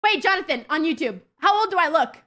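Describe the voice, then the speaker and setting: Young woman streamer swearing nonstop, high bright voice, bouncy and all over the place. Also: fast talker. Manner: profane, blunt, excitable. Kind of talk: casual livestream chat with viewers.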